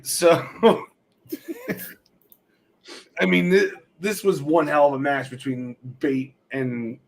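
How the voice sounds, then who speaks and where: A man's voice: mid-range voice, a little hiss or hum. A man co-hosting a podcast over a video call, chatting wryly and breaking off his own sentences. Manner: wry, chatty, self-interrupting. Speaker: podcast co-host. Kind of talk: casual chat.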